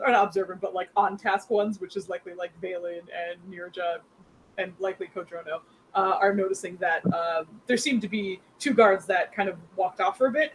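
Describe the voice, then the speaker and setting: A woman's voice: mid-range voice, slight background noise, poor audio. A young woman narrating as game master in a rambling, filler-heavy, giggly way.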